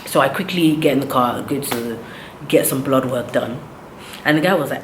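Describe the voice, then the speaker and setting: A woman's voice: extremely low pitch, lively intonation, normal speed, reverberant, a little hiss or hum. A woman, animatedly retelling a story in a casual vlog, with indignant quoted dialogue. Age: 30s. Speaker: vlogger.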